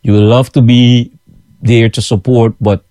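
Medium-pitched, level and mellow, this man speaks unhurriedly, captured in studio quality with no room sound. A Guyanese-accented food vendor who runs his own kitchen business, he chats casually and repetitively with followers, frequently asking "you know what I'm saying".

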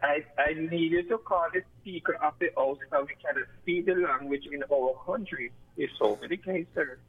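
Casting: male caller, husky and slightly high voice over a tinny phone line, insistent. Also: moderate pace. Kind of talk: call-in radio plea.

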